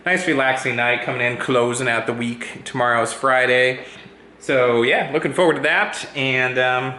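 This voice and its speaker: A tired man vlogs casually in his cold, drafty house, rambling easygoingly to the camera as he goes about his day and talking to his cat. His voice is medium-pitched, bright and forceful, recorded in an echoey room with faint noise.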